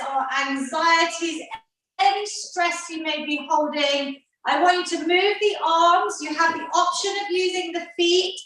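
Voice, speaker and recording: A woman's voice: very high voice, sharp tone. A woman fitness instructor leading an online workout class, upbeat and encouraging, counting down the reps. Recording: very echoey room, mic far off.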